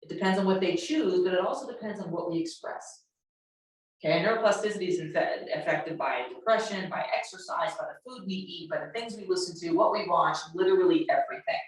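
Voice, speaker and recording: A woman presents an earnest workshop talk to educators, repeating phrases for emphasis. Her voice is on the low side and fairly quick, heard from far off the mic in an echoey room.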